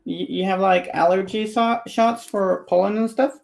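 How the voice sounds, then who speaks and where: A woman's voice: medium pitch, fairly even intonation, moderate pace, creaky, noisy background. A woman chatting casually on a live stream while painting miniatures and answering viewer comments.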